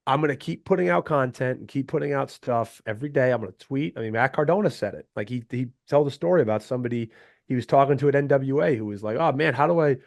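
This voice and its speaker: A man guesting on a podcast, telling stories in a casual, animated way, often acting out what others said and laughing. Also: mid-range voice, quick pace, vocal fry, no room sound. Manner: animated, acts out quotes in changed voices. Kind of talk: casual storytelling interview.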